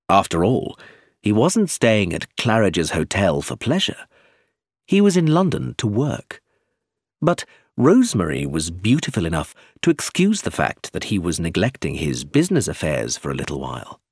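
Husky, lively male audiobook narrator. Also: sits low, moderate pace, no echo, studio quality. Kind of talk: scripted narration.

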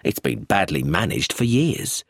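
Man doing a calm inspector from a storybook, lowish husky voice, measured delivery. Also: dry recording, clean studio sound, full character voice. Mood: matter-of-fact. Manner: measured and matter-of-fact. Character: calm, methodical male police inspector.

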